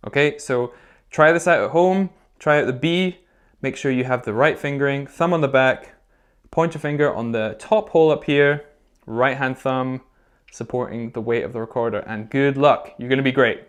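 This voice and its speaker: A man at a middle pitch, teaching recorder to young children in a lesson video. He walks through each step patiently and keeps encouraging the kids. He checks in with a quick "okay?" every few phrases. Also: smooth. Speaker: music teacher.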